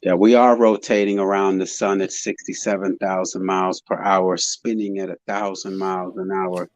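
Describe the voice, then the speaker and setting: A man's voice: sits low, level tone, normal speed, no room sound. A man hosting a casual live online panel chat, talking in a laid-back, musing way. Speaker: host. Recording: dull dry lo-fi online audio.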